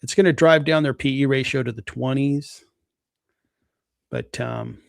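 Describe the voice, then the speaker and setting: A man's voice: medium pitch, a little slow, vocal fry, dry recording, studio quality. A man hosting a live stream, walking casually through a company's stock valuation and thinking aloud as he goes. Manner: relaxed, thinking aloud with fillers. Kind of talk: casual stock analysis talk.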